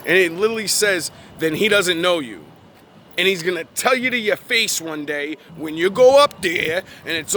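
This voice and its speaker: Man, young, high-pitched, casual profane preaching, outdoors, faint street noise. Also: fairly bright tone. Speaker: vlogger.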